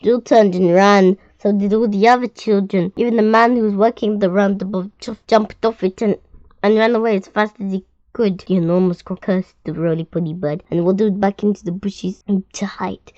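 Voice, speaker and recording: A woman reading children's picture books aloud, lively and expressive, with stumbles and restarts. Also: medium pitch, normal speed, no echo, lo-fi sound. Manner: expressive, loud character voices, stumbles and restarts. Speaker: storyteller.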